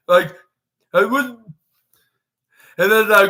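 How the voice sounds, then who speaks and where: Young guy rambling thru a podcast recap, high voice, lots of "like". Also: a little slow, pauses often, bright, forceful tone. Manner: rambling, heavy on fillers, acts out quotes. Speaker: podcast host. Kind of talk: casual wrestling recap.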